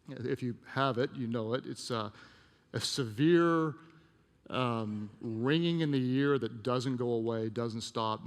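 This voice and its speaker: Male pastor, sermon delivery, gravelly texture, hushed storytelling lows, long church-hall reverb. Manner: storytelling, drops to a hushed voice for emotional moments. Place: church auditorium.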